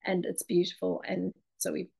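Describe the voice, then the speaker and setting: Gravelly woman presenting. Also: on the low side, flat delivery, normal speed, warm tone, low-quality recording. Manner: chatty, loose, with many ums and restarts. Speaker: ceramic and mosaic artist presenting her work. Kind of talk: presentation talk.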